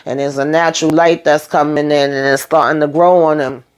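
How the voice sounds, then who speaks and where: A woman giving a casual, blunt and expressive recap of a TV episode, often speaking directly to her viewers. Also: sits low, brisk, clean tone. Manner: sassy, blunt and expressive, with frequent asides to viewers. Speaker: TV recap vlogger.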